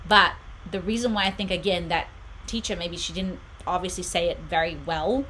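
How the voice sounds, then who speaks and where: A woman's voice: fairly low pitch, fairly even intonation, moderate pace, pushed and bright, a little hiss or hum, rough recording. A middle-aged woman hosting a live stream, giving reassuring relationship advice and reading viewer comments aloud. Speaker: spiritual channel host.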